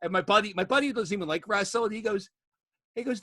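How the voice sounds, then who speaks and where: Philly guy hosting a wrestling podcast, rowdy and swearing, bright punchy voice, dry close sound. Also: high-pitched, fast talker, no room sound. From Philadelphia area. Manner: rowdy storyteller, swears a lot, acts out quotes loudly. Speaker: podcast host. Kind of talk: casual chat.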